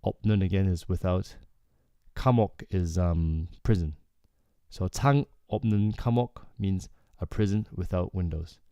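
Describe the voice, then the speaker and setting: A man with a low, mellow voice walks through a song's lyrics as a casual Korean lesson. His tone is smooth and clear, and he keeps checking in with learners as he explains. The sound is close and dry. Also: quick pace, dry recording. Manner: relaxed, explanatory, frequent "okay" and "like". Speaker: Korean language teacher.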